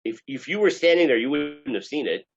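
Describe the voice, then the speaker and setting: A man's voice: fairly high pitch, animated, a little fast, husky, highs cut off. A man, a rabbi, teaching a class in an emphatic way with many filler sounds and questions to the students. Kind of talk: lecture to a class.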